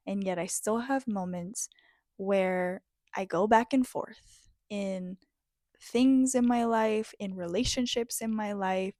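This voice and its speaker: A woman giving a reflective, motivational self-help talk in an earnest, heartfelt way, pausing often between phrases. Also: mid-range voice, darkish tone, no room sound, studio quality. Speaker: spiritual self-help speaker.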